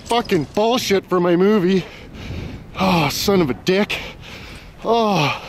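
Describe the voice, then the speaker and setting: A man vlogging outdoors in the cold, talking loudly and rowdily, swearing constantly and hooting at his buddies. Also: high-pitched, lively intonation, slow, background noise. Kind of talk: profane casual banter. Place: outdoors in the cold with a motor running.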